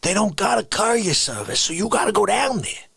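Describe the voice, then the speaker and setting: A man hosting a satirical comedy livestream, ranting in a mock-indignant way and repeating catchphrases, jumping between shouts and hushed whispers. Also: high-pitched, expressive, a little fast, gravelly, slightly rough, dry recording.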